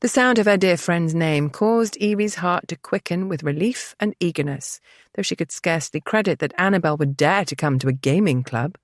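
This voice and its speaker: A woman narrating a historical romance novel in a steady, dramatic storytelling manner. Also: lowish voice, moderate pace, no room sound, clean studio sound. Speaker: audiobook narrator. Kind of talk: scripted narration.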